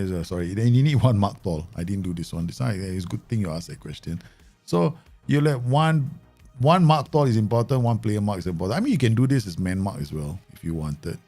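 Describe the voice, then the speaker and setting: A man's voice: on the low side, darkish tone, slightly rough. Chatty man streaming a management game. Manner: chatty, laughs often, playful asides. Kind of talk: casual live-stream commentary.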